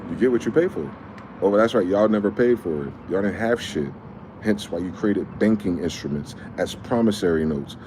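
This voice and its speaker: A man's voice: sits low, expressive, moderate pace, background noise. Angry, profane man in a heated rant. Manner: angry, profane and confrontational, with rhetorical questions. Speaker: vlogger. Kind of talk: heated monologue reading a document aloud.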